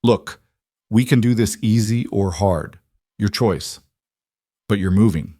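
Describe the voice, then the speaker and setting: A man's voice: on the low side, takes it slowly, warm tone, no echo, clean studio sound. A man doing a growling security guard. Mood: menacing. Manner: growling, barking orders. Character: gruff, hostile male airport security guard.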